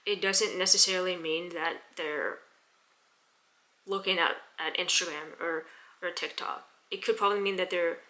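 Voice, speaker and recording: A young woman telling a story in a casual vlog, chatty, with quick restarts and repeated words. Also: on the low side, steady tone, pushed and bright. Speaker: vlogger.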